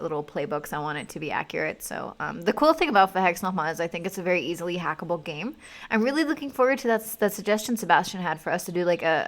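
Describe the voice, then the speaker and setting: A young woman streamer chatting casually on a live stream, rambling with lots of fillers and swearing freely. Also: lowish voice. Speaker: streamer and game designer.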